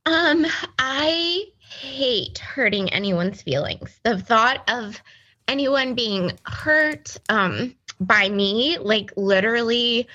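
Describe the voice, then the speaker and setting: A woman's voice: on the high side, lively intonation, slow pace, dull audio. A woman seeking counsel, speaking hesitantly and agreeably, her voice quavering with emotion. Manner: soft-spoken, hesitant, agreeable. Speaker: caller. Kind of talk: counseling session.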